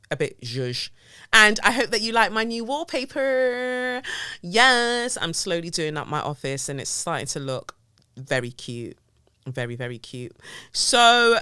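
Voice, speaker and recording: Bright, chatty woman podcaster. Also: low-pitched, clean tone, dry recording, clean studio sound. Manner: chatty, digressive, playful. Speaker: podcast host. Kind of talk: casual solo podcast chat. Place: home office with window blinds up. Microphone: mic on a stand close to her face.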